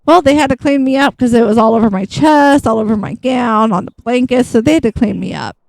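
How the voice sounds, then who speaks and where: A woman's voice: fairly high pitch, brisk, creaky, a little mellow, no room sound, low-quality recording. A woman hosting a gaming channel, chatting bluntly and casually, acting out both sides of a conversation and swearing freely. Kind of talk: casual storytelling while gaming.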